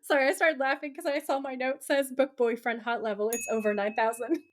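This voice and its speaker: Woman, podcast co-host, fairly high voice, excitable, gushing, casual recap chat. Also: fairly quick, slight background noise. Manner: gushing, excitable, swears and laughs often.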